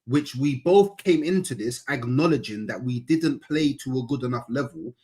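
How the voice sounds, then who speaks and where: A young man arguing about football, laying out his point slowly and deliberately. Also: mid-range voice, expressive, darkish tone. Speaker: football podcast co-host. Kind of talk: heated football debate.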